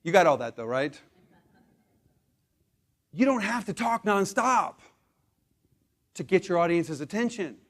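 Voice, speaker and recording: A man in his forties coaches a live room on presentation skills, his voice a little high for a man, with wide pitch swings and some vocal fry. He hammers his points emphatically, rushing forward with punchy speed, then slowing into deliberate pauses.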